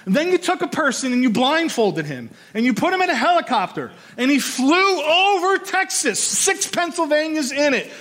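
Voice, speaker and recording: A man with a notably high voice delivers a sermon to a class. He talks in an animated way, telling vivid stories, counting aloud and asking rhetorical questions of his listeners. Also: moderate pace, hardly any pauses. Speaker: pastor or teacher.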